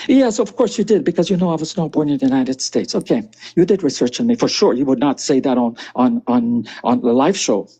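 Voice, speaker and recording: Husky older man, insistent and repetitive. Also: mid-range voice, brisk, few pauses, mellow. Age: 60s. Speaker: live stream guest. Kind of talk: heated live stream argument.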